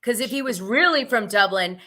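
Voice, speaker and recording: Bright, chatty woman gossip host. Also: fairly high pitch, expressive, normal speed. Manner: chatty, frank, laughs often. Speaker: host of a gossip live stream. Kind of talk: casual gossip chat. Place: home, Los Angeles area.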